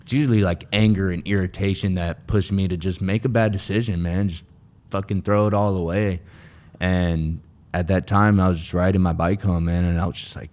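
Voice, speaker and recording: A man with a very low voice talks as a guest in a relaxed interview, earnest and rambling. He circles back on his words, restarts sentences and leans on fillers as he tells his story of recovery. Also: moderate pace. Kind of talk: casual interview chat.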